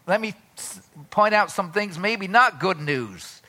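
A man preaches a sermon in a high, bright voice. His delivery is slow and deliberate, and he repeats phrases for emphasis. Now and then he rises into loud, dramatic cries as he voices a prayer. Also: lively intonation. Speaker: pastor.

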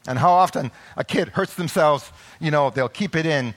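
A man preaching a sermon, moving from quiet explanation to loud, impassioned exclamations, and acting out the voices of parents and children. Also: on the high side, measured pace, few pauses. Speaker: pastor.

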